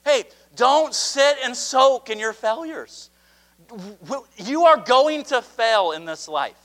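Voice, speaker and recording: A man preaching a sermon, animated, swinging from loud emphasis to quiet asides and acting out voices in the story. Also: very high-pitched, takes it slowly. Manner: acts out voices in retelling Bible stories.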